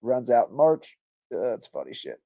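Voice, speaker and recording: Medium in pitch but with big pitch swings, this man's mellow voice moves at a moderate pace with no echo. He's hosting a livestream in a laid-back, rambling way, reading viewer comments, chatting casually, joking and swearing heavily.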